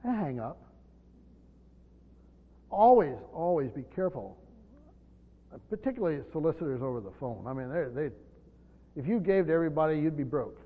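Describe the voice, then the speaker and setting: A fairly high-voiced man teaches scripture, talking it through conversationally and restarting phrases as he explains. The recording is dull and lo-fi, with a long reverb trailing his voice. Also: sing-song, normal speed, long pauses, breathy edge. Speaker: Bible teacher. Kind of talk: Bible study teaching.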